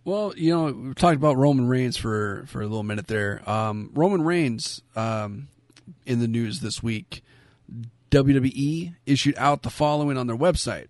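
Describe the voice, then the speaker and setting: A man co-hosting a casual podcast, relaxed and jokey with quick asides. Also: mid-range voice, dry recording, studio quality. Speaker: wrestling podcast co-host.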